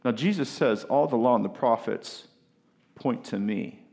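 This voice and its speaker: In an unhurried, mid-range voice, a pastor preaches a sermon. He brings a scripture story to life in a casual, animated retelling, with side comments to his audience.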